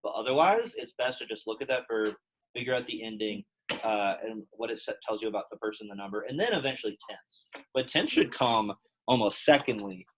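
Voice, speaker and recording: A young man teaching a Latin class in a relaxed, chatty way, with plenty of fillers. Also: on the low side, fairly quick, noisy background. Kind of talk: casual classroom lesson.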